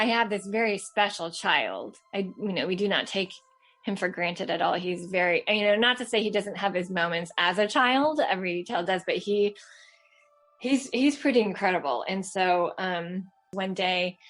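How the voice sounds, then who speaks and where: A woman in her thirties from Los Angeles calls in to tell a personal story. She talks in a loose, chatty way, with frequent fillers and restarts, and her pitch sits in the middle. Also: fairly bright tone. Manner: chatty, many fillers and restarts, laughs often. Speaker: caller sharing a story. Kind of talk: casual storytelling.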